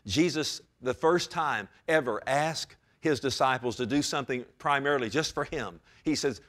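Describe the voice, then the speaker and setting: A male pastor delivering a sermon at a mid-range pitch. He preaches with passion, pushing his voice up for emphasis and calling out directly to the congregation. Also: normal speed, hardly any pauses, fairly bright tone.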